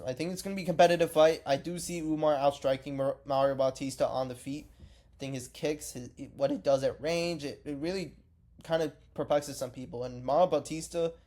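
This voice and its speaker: A man talks through a casual reaction vlog, rambling, swearing freely and correcting himself as he goes. His voice sits a bit high yet sounds soft and mellow. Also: steady tone, moderate pace. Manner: rambling, profane, self-correcting. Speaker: MMA reaction vlogger.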